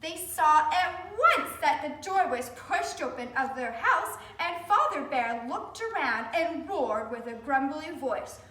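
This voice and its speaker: Woman storyteller for kids, very high and lively voice, somewhat distant from the mic. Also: a little hiss or hum. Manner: animated, speaking to children. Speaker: children's storyteller. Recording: roomy, from a distance.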